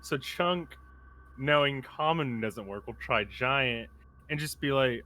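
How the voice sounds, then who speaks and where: A man playing a tabletop game, chatting in an animated, joking way. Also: medium pitch, slow. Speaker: player. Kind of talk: casual tabletop game chat.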